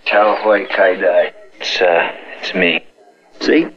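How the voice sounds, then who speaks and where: A man making a prank phone call, with a deadpan, blunt and pushy manner. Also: low voice, slow pace, over music. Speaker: prank caller.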